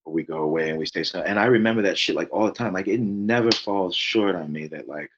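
A man's voice: low voice, fairly quick, lo-fi sound. A man guest, an author, telling a rambling personal story in casual chat, swearing constantly.

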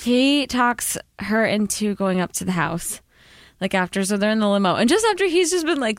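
A woman's voice: medium pitch, expressive, normal speed, no room sound, studio quality. A woman recapping a movie plot in casual chat, giggling and saying "like" a lot. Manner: giggly, says "like" a lot, acts out lines. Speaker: podcast co-host.

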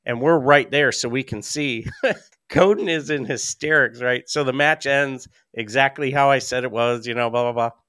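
A man's voice: medium pitch, moderate pace, a bit bright, clear, resonant tone, no echo. A middle-aged man chatting casually on a podcast, telling long stories with lots of fillers and restarts. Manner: rambling storyteller with frequent fillers. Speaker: podcast guest. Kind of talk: casual chat.

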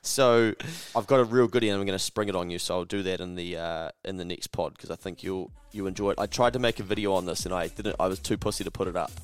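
Low-voiced, swearing New podcast host. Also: male voice, fast, few pauses, clean tone. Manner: swears a lot, animated storyteller. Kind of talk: casual podcast chat.

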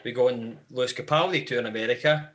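A man's voice: mid-range voice, fast talker, a bit bright. A Scottish man, a guest in a live podcast interview, telling long rambling anecdotes about life on the road. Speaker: band member guest.

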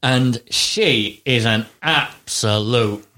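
A man's voice: mid-range voice, very slow. Rambling man telling a story. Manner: rambling, animated retelling with put-on quotes. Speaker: podcast co-host. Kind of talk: casual chat.

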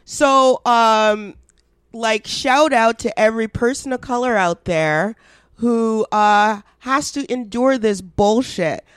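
A woman co-hosting a podcast who talks in a heated, indignant way and swears freely. She speaks slowly in a slightly high voice, and the recording is close and dry. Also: clear, resonant tone, no echo. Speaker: podcast co-host. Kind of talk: casual political chat.

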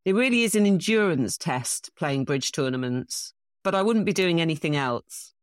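Brief: middle-aged English woman, lowish voice, animated anecdotal guest, dry close sound. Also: moderate pace, no echo. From England. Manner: anecdotal, self-deprecating, animated storytelling. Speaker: bridge champion guest. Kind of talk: casual interview.

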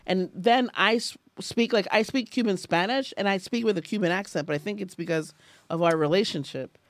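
A woman's voice: medium pitch, a little fast, no room sound. A woman from New Jersey, a comedian guest telling stories in a casual, profane podcast chat. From New Jersey, USA. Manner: profane, animated storytelling.

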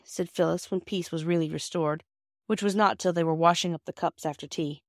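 A woman's voice: on the low side, fairly even intonation, brisk, no room sound. Woman narrating a classic novel, dry sound. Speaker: audiobook reader.

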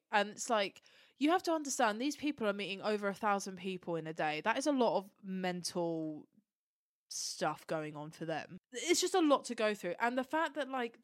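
A woman's voice: mid-range voice, no room sound, clean studio sound. A young woman co-hosting a podcast, telling stories in a gushing, emotional casual chat. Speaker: podcast co-host.

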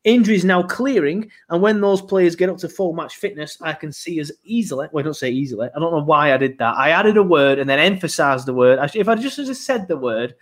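A man's voice: on the high side, lively intonation, a little fast, few pauses. A man co-hosting a podcast in casual chat, chatty and self-mocking, telling stories with animation. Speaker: podcast co-host.

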